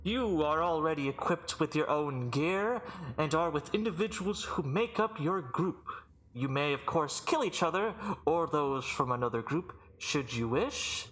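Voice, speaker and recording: A man putting on a booming arena announcer. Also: animated, a bit bright, rough recording. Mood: grandly menacing. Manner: slow, pompous proclamations. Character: booming male arena announcer, grandly menacing.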